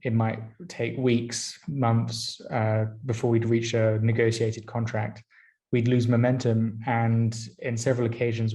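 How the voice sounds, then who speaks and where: A man from France, a company founder and guest on a podcast, explaining his business in a steady, explanatory way. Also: medium pitch. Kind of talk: interview answers.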